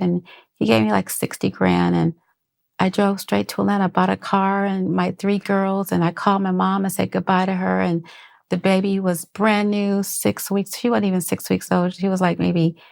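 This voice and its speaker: Gravelly-voiced woman recounting her story. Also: medium pitch, level tone, darkish tone. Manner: halting storytelling with restarts, acting out quoted voices. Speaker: guest. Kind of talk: personal testimony.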